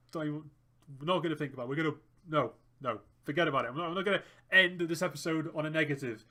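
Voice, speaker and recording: A man's voice: on the high side, sharp tone. A young man commentating his own football management game, groaning and cheering as the match plays out. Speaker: gaming YouTuber. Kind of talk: let's play commentary.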